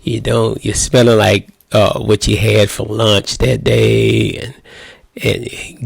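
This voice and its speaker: A male pastor talks straight to husbands in a loose, joking manner and acts out little scenes as he goes. His voice is heavily gravelly and a bit husky. The sound is dry and close, with no room echo. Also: lowish voice, flat delivery, takes it slowly. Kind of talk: casual marriage talk to men.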